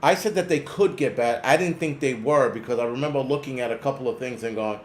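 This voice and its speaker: A man's voice: mid-range voice, lively intonation, fast talker, slight background noise. A man hosting a prepper channel, chatting casually on a live stream, rambling, swearing and reading out chat names. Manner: rambling, profane, reads chat names aloud.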